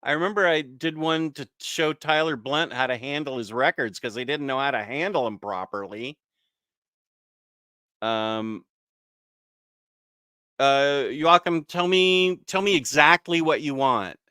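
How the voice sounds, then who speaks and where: A man's voice: mid-range voice, lively intonation, normal speed, pushed and bright, clean tone, no echo, studio quality. A man hosting a casual live stream, chatting easily and answering viewer comments, with frequent fillers and small self-corrections.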